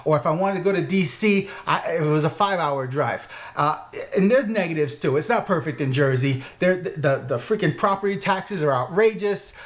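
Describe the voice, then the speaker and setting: A man's voice: a little high, expressive, normal speed. A middle-aged man with a Brooklyn Italian-American accent, chatting bluntly and casually to his channel's viewers, joking about himself and swearing now and then. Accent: Brooklyn Italian-American New York. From Brooklyn, New York. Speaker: channel host. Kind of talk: casual live-stream chat.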